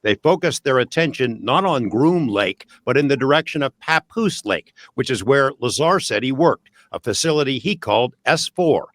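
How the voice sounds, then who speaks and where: A man reading a scripted news report in a measured reporting delivery. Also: mid-range voice, animated, a bit bright, no room sound. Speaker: news narrator.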